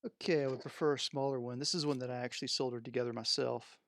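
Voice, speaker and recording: Man, gravelly, mid-pitched, rambling unscripted stream talk into a headset mic, dry close sound. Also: fairly even intonation, fast, a bit bright, dry recording. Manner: rambling, thinking aloud while handling gear. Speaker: streamer unboxing music gear. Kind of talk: unscripted live stream chat. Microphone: headset microphone.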